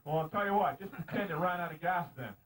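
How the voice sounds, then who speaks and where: With a crowd audible behind him, a man whose voice sits on the high side talks at a quick pace, emceeing an outdoor lumberjack show on a mountain. His banter jokes with and teases the contestants between race calls, in distant outdoor home-video sound.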